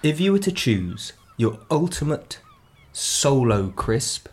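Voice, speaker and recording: A man's voice: medium pitch, slow pace. A man hosting a podcast, chatting playfully with his co-host and guest. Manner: playful, animated. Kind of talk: casual chat.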